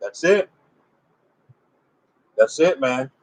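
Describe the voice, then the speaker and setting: A man's voice: medium pitch, expressive, very slow, a little mellow, poor audio. A man giving an informal religious teaching in an emphatic, conversational way, pressing his listeners with rhetorical questions. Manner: loose conversational phrasing with restarts.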